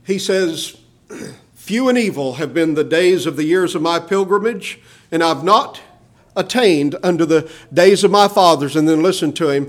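A man delivers a sermon in a high voice. He preaches earnestly, pushing up on his emphatic words, then sinking to quiet, hushed endings. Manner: earnest, swings between emphatic rises and hushed low endings.

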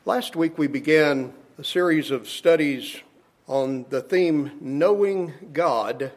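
Man preaching a measured sermon. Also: on the high side. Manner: measured, emphatic, slows for scripture. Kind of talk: sermon with scripture reading.

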